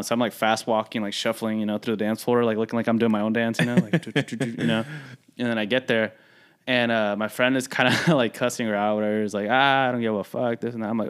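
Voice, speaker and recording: Young male co-host, smooth and slightly low voice, loose rambling storyteller. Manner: storytelling, many fillers like "like" and "you know". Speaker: podcast co-host. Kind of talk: casual chat.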